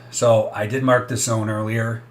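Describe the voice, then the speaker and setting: Low-voiced man, live trading streamer, casual and blunt, faint hiss behind. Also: level tone, moderate pace. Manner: casual, blunt, talks to viewers directly. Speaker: trader streaming live trades.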